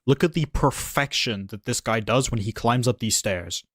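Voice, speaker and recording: A man's voice: medium pitch, normal speed, fairly bright tone, no room sound, studio quality. A young man narrating a gameplay review, wry and analytical, building a case step by step. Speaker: video essayist.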